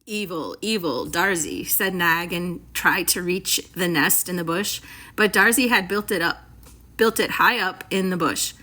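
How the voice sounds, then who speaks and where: A woman's voice: fairly low pitch, fairly even intonation, unhurried, bright, forceful tone. Woman reading a classic story aloud. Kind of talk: illustrated story read-aloud for students.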